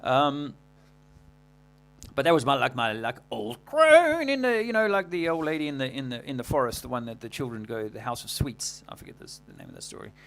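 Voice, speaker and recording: A man hosting a livestream, talking casually in a rambling, halting way full of fillers and restarts. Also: mid-range voice, wildly swooping pitch, gravelly, a bit bright. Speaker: livestream host.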